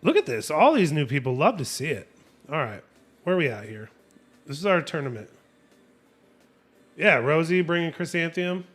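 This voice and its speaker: A man on a live stream doing esports play-by-play, his voice sitting a bit high and swinging all over the place as he hypes plays and jokes with chat. Faint game music plays underneath. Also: sing-song, moderate pace, long pauses, a bit bright. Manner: hype-driven, playful trash talk, talks to chat. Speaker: tournament host and caster.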